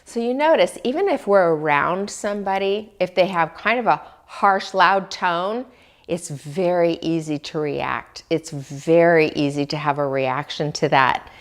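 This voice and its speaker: Slow, gentle woman giving wellness tips. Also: lowish voice. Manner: slow, gentle, asks the listener questions. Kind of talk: reflective self-help talk.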